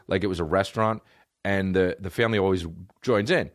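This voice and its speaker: A low-pitched man in his thirties keeps a brisk pace while hosting a comedy podcast, ranting casually, swearing and imitating people in mocking voices. The studio sound is clean, with no room sound.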